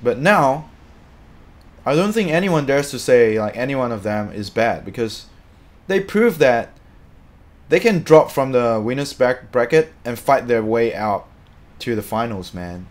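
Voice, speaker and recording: A man chatting casually on a live stream, reading out viewer comments in an excitable, talkative way. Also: mid-range voice, a little slow.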